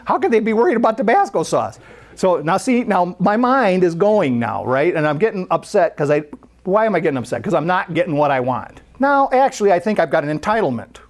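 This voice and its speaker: A speaker at a spiritual center, telling a story during a sermon in a conversational, animated way. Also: medium pitch, brisk.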